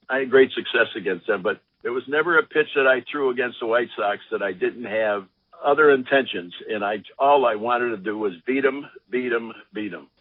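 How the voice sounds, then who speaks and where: An older former ballplayer telling lively anecdotes in an interview, acting out the voices of the people he quotes. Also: mid-range voice, no room sound. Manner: animated anecdotes, acts out quotes. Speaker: former baseball pitcher, guest. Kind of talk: storytelling interview. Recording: dry, phone-like line.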